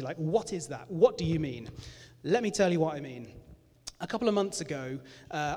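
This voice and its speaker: A man giving a candid, self-deprecating sermon in a conversational manner, recorded in a church hall. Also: fairly high pitch. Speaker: preacher. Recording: echoey hall reverb.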